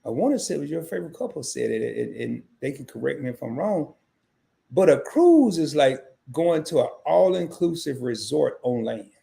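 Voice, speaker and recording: At a normal pace, a man with a fairly high, creaky voice hosts a travel livestream in a casual way. Animated throughout, he plays out little dialogues and says hello to viewers in chat by name.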